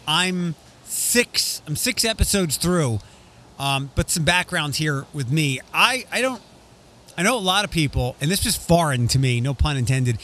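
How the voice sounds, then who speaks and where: A man's voice: fairly high pitch, animated, unhurried, sharp tone, slight background noise. A man hosting a casual podcast chat, rambling with frequent restarts. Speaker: radio host.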